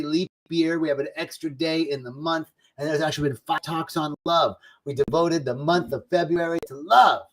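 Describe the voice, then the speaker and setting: A man hosting a live spiritual talk, singing bits of a love song and greeting viewers by name. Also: fairly high pitch. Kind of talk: warm-up singing then casual spiritual talk. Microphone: livestream setup.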